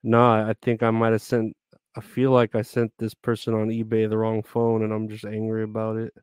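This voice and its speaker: A man's voice: fairly low pitch, monotone, a little fast, darkish tone, clear, resonant tone, dry recording, clean studio sound. A tired man streaming live, chatting in a rambling, irritable way and swearing a lot. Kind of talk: casual live stream chat.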